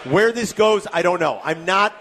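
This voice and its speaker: A sports radio host with a voice pitched a touch above most men's. He trades quick, joking banter about the games and keeps the talk moving. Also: expressive, a bit bright.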